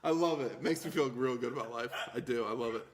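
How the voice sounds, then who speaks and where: A man's voice: medium pitch, fast, crowd noise. A man co-hosting a podcast, trading crude comedic banter, swearing and laughing often. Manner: laughs often, profane and mocking. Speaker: podcast co-host.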